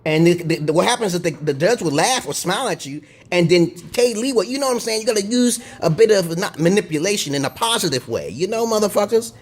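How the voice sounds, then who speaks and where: A man's voice: sits high, animated, fast talker, few pauses. A man ranting to his own camera in a casual vlog, profane and rambling, repeating himself and tossing in "okay?" again and again. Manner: profane, rambling, digressive monologue. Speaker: video blogger.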